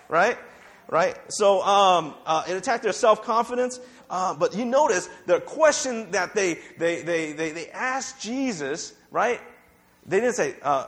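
A man with a notably high voice delivers a conversational sermon. He stumbles and repeats words as he goes and keeps checking in with the congregation. It sounds like a pastor talking through a passage in church. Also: animated, normal speed, fairly bright tone. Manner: conversational preaching, repeats words, asks "right?" often.

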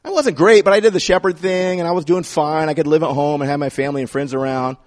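A man's voice: a little high, fast talker, close to an everyday voice. A man playing a fed-up young fugitive in a sermon retelling, grumbling sarcastically about his hard life.

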